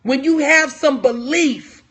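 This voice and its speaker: This woman life coach speaks slowly in a high, fairly bright voice during a motivational live stream. She addresses chat viewers by name and repeats lines to drive points home.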